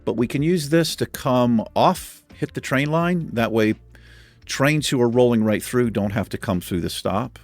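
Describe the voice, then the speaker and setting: A man's voice: medium pitch, unhurried, no room sound, soft background music. A man hosting a let's play, talking through his building with joking, self-deprecating asides and frequent chuckles. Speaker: gaming channel host.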